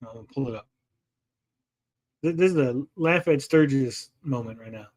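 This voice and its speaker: A man's voice: medium pitch, normal speed, a little mellow. A male podcast host in casual livestream chat, profane and mocking as he rants.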